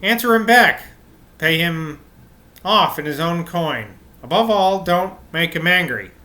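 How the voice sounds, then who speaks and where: A man's voice: a little high, expressive, unhurried, pushed and bright. Man voicing a kind, firm young woman. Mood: kindly.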